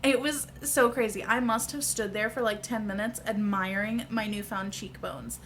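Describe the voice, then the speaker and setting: A woman's voice: mid-range voice, fairly even intonation, normal speed, fairly bright tone, a little hiss or hum. A woman in her thirties telling a personal story to camera in a chatty, candid vlog, laughing easily. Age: 30s. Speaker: vlogger.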